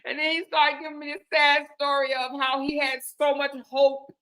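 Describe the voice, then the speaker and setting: A woman with a bright, forceful and fairly high voice tells her own story. She talks in a lively, animated way, addressing her listeners as friends. The delivery feels like a relaxed personal story told from the heart. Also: moderate pace. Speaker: host.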